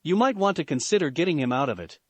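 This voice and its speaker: A man's voice: fairly high pitch, animated, quick pace, husky, no echo. A man reading a fan story, voicing a sarcastic male eight-tailed beast spirit.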